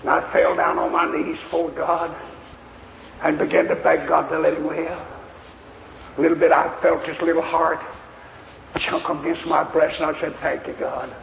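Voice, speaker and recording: Gravelly, high-pitched preacher man. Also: level tone, moderate pace, pauses often, fairly bright tone. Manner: folksy, emphatic storytelling. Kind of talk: sermon storytelling. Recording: echoey hall, faint noise.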